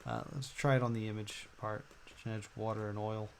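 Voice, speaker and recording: A man streaming a puzzle game, thinking out loud slowly, with sudden excited outbursts. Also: on the low side, creaky, slight background noise. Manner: slow, musing, bursts into excited outbursts. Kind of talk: thinking out loud while gaming.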